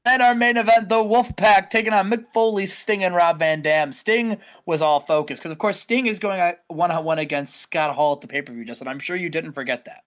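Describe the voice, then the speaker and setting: Man excitedly recapping wrestling matches. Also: high-pitched, brisk, hardly any pauses. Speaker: co-host. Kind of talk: casual podcast chat, recapping a wrestling booking game.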